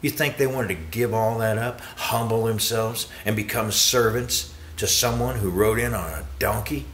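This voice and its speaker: A man preaching a sermon with emphatic repetition, often jumping to high exclamations. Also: moderate pace, fairly bright tone, roomy sound, slight background noise.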